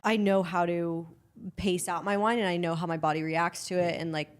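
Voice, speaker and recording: A woman's voice: fairly low pitch, level tone, moderate pace. A woman telling a story in casual podcast chat, with many restarts and free swearing. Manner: swears freely. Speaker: guest.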